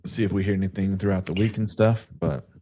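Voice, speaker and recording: A man's voice: low voice, fairly even intonation, fast, mellow. A man co-hosting a casual sports talk podcast, telling stories in a chatty way with quoted asides. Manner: chatty storyteller who retells events with quoted asides. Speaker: podcast co-host.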